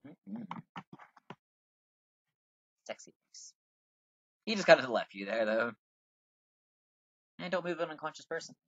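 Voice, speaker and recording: A man's voice: on the high side, lively intonation, brisk, pauses often, no room sound, dull audio. A man chatting bluntly through a video game playthrough, swearing casually as he comments. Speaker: game streamer. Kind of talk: casual let's play commentary.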